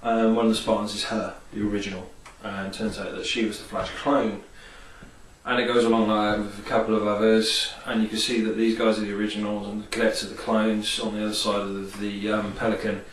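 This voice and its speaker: Guy rambling excitedly about movie scenes, roomy echo, sits back from the mic. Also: on the low side, brisk, distant mic. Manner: rambling, enthusiastic, many fillers. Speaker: vlogger. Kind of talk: casual film and game review. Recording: echoey room, off-mic, faint hiss.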